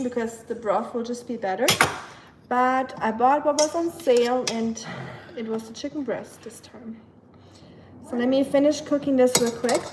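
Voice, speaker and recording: A woman chatting casually on a live stream while she cooks at home, talking to her dog and reading out comments from viewers. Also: a little high. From learned British English. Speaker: livestream host. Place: home kitchen. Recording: clear kitchen background noise. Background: kitchen clatter of dishes and pots.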